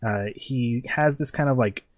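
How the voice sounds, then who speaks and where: A young man running a tabletop game, describing each scene in a loose, rambling way that is packed with fillers. His voice sits at a middle pitch, and the recording is close and dry. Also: a little slow, dry recording. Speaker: game master.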